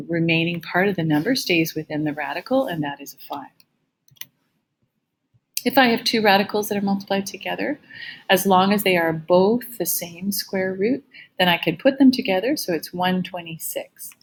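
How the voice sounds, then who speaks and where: Woman math teacher, lowish husky voice, patient step-by-step lecture delivery. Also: low-quality recording. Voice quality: gravelly. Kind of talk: recorded classroom lecture.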